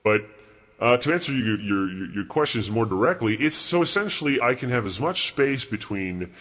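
A man playing a crude, contemptuous God in a comedy bit, talking in a profane, rambling, mocking way with a husky voice. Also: mid-range voice, animated, moderate pace, fairly bright tone. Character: crude arrogant male God, bored and contemptuous.

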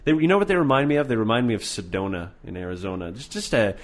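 A man's voice: lowish voice, racing. Guy hosting a podcast, swears a lot, voice jumps all over, teasing. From Canada. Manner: profane, mocking, animated. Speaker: podcast host. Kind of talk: casual podcast banter.

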